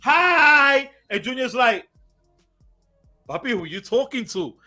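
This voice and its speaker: A man, a podcast host, telling a story in casual chat, animated and swearing a lot, acting out quotes loudly. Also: extremely high pitch, takes it slowly, over music.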